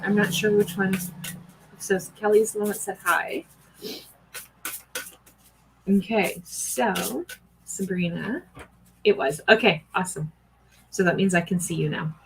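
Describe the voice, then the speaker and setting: A woman's voice: mid-range voice, a little slow, creaky, pauses often, slight background noise, rough recording. A middle-aged woman doing a live-stream oracle card reading, chatting with viewers and greeting them by name. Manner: chatty, warm greetings to viewers, gushing excitement.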